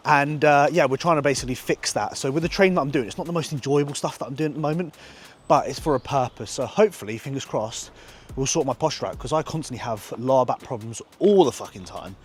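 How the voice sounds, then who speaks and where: A man's voice: medium pitch, fast talker, husky. A man in his thirties, a bodybuilding vlogger talking casually to a handheld camera on an outdoor walk, blunt and full of swearing.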